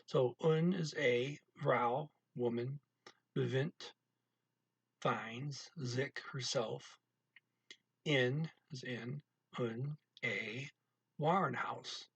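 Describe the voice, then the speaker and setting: Male tutor, husky and unhurried, breaking phrases down word by word; dry, close sound. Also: no room sound. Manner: reads target-language lines louder and higher. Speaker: language tutor. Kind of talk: casual spoken language lesson.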